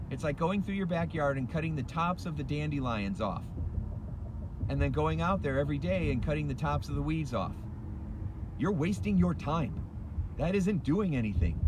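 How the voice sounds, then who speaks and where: A man's voice: fairly high pitch, a little mellow, slight background noise. A middle-aged man, a life coach and hypnotist, giving a passionate, emphatic motivational rant from his car, hammering his points with repetition. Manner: passionate, emphatic, repeats key phrases. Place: in a car at a red light.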